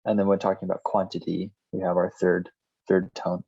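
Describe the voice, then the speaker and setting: A man teaching a recorded language lesson, reading word lists one item at a time in a plain, steady way. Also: sits low, fairly quick, breathy edge, no room sound. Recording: slightly dull lo-fi recording.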